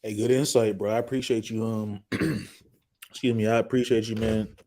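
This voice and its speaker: Man, lowish mellow voice, friendly, conversational, casual sports chat. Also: little pitch movement, moderate pace. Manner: friendly, conversational, repeats himself. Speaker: sports show guest.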